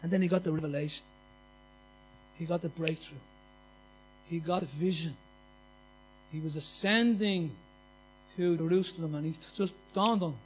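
A man's voice: on the high side, moderate pace, pauses often, faint music behind. A man preaching a passionate, conversational sermon full of repetition and anecdotes.

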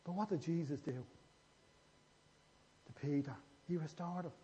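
A man's voice: on the high side, slow pace, warm tone. A man preaching a sermon, retelling scripture stories and acting out the dialogue. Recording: echoey hall, dull lo-fi sound.

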